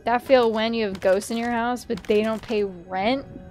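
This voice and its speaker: A woman streaming a horror game, talking loudly and joking at it with frequent swearing. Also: a little high, unhurried, faint music behind. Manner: loud, profane, joking at the game. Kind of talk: casual gaming commentary.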